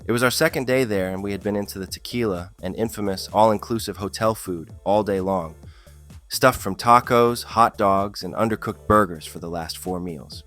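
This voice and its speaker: A man's voice: on the low side, normal speed, fairly bright tone, faint music behind. A man narrating funny stories in a scripted style, with a dry comic delivery that lifts on the punchlines. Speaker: storyteller.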